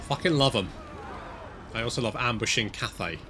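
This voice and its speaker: A man giving casual, excitable, sweary commentary over his strategy game. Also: mid-range voice, normal speed, noisy background. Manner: excitable, sweary, talks to units. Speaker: gaming channel host.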